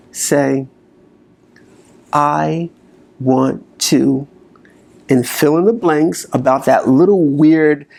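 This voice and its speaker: A man speaking as a motivational speaker, slowly coaching listeners through a guided exercise. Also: fairly high pitch, vocal fry, mellow. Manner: slow, coaching delivery with long pauses.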